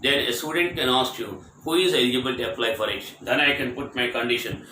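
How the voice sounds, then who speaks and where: Teaching English grammar, a man repeats short example sentences again and again, stressing them emphatically. He speaks a little fast at a medium pitch with a sharp tone, recorded from a distance in an echoey room with slight background noise.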